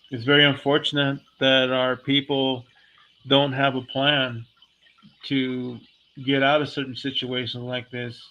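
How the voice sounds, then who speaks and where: A man's voice: medium pitch, sharp tone, a little hiss or hum. A man delivering a heated, blunt, profane monologue as a vlogger, talking casually and speaking his mind. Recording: dull lo-fi recording.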